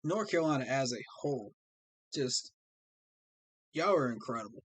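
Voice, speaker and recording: A man's voice: medium pitch, lively intonation, moderate pace, breathy edge, dry recording. A man, hosting a fan livestream and speaking to his viewers in an earnest, heartfelt way. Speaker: fan streamer host. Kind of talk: livestream talk to fans.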